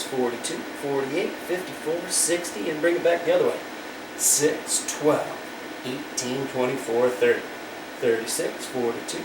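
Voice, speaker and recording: A male PE teacher leading stretches and counting aloud as he demonstrates the moves. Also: on the high side. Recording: echoey room from far off with noise.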